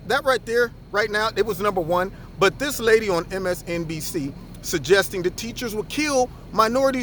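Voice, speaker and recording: A middle-aged man, a former school principal, giving impassioned opinion commentary and telling animated stories. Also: sits high, slight background noise. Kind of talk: opinion commentary with acted anecdotes.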